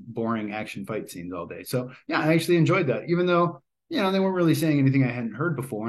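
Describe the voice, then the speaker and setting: A man giving a casual, rambling spoken movie review, with lots of fillers and restarts. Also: medium pitch.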